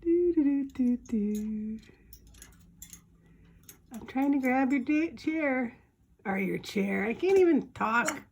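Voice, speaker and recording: Indoors at home, a woman films her parrot and talks to it in playful, cooing baby talk, teasing and sing-song. Her voice sits high and is expressive and slow, with long pauses and a darkish tone. A little hiss or hum can be heard.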